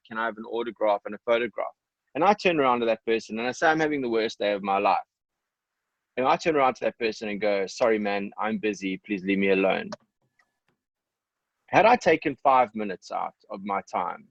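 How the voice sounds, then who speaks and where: A South African musician speaks candidly as a podcast guest, his low voice gravelly. He pauses on ums and restarts as he thinks aloud. The sound is dry and a little dull. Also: dry recording. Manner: reflective, halting, many ums and restarts. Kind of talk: candid podcast interview talk.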